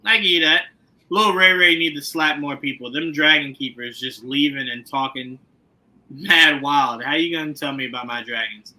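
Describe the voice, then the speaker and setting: A man hosting a casual TV recap chat, animated and joking, often slipping into comic impressions. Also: on the high side, normal speed, rough recording. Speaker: podcast host.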